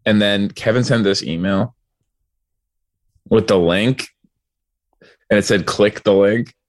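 A male podcast host in casual comedy chat, telling a story deadpan. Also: fairly low pitch, slow pace, no room sound.

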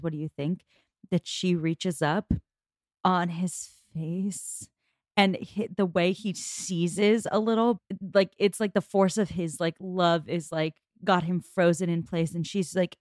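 Lower-voiced woman gushing about a scene. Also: darkish tone, no echo, clean studio sound. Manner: effusive, gushes over scenes. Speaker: podcast guest. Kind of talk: casual chat.

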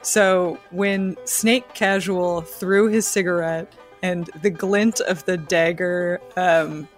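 A woman's voice: fairly low pitch, steady tone, slow, soft background music. A woman playing a tabletop game, casually narrating her character's actions. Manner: casual, storytelling. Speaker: player.

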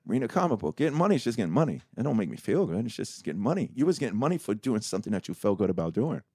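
A man's voice: on the low side, rapid-fire, breathy edge. A middle-aged man, telling his life story candidly in an interview, swearing freely and acting out what others said to him. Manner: animated, swearing, acts out quotes. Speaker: guest.

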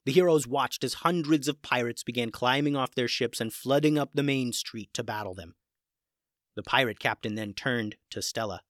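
A podcast storyteller narrating a children's adventure in an expressive read-aloud. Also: medium pitch, normal speed, dry recording, studio quality.

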